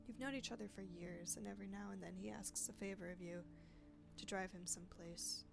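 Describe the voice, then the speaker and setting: A woman streamer reading a story game's text aloud in a casual way, adding quick reactions, with game music behind. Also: medium pitch, fairly even intonation, creaky. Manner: casual, adds quick reactions between lines. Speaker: let's play streamer.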